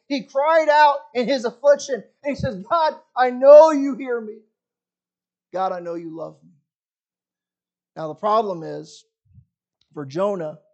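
A man preaching a sermon, reading scripture and swinging between loud emphasis and quiet, dropped phrases. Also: high-pitched. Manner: dramatic preaching, rising and falling sharply in volume. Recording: muffled lo-fi recording.

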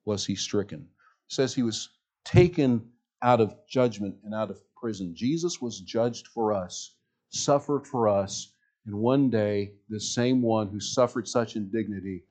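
A man preaching a sermon as pastor in a church, reading scripture slowly and swinging from loud emphasis to near-hushed speech. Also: lowish voice. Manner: reads scripture slowly and deliberately. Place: church sanctuary with a sound system.

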